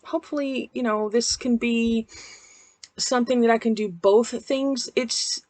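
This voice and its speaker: A woman in her forties talks to her viewers in a casual home vlog, recorded on a laptop mic. She rambles in a candid, self-deprecating way, and her voice sits a little high. The sound is dry and close, with no room echo. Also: steady tone, measured pace, darkish tone. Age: 40s. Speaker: vlogger.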